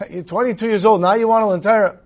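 Brief: man doing an exasperated rich father, high voice, incredulous. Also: steady tone, fairly quick, a little mellow, close to an everyday voice. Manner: incredulous questioning. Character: wealthy learned father, exasperated with his grown son.

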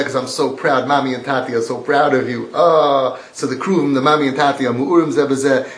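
A man giving a sermon-style religious lecture, emphatic and repetitive, quoting from texts. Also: mid-range voice. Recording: roomy echo.

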